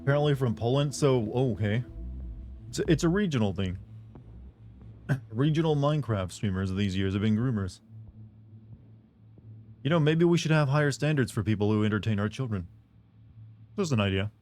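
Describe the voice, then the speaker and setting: A man's voice: medium pitch, animated, moderate pace, long pauses, darkish tone. A man live streaming, chatting casually with his viewers in a sarcastic, joking, rambling way.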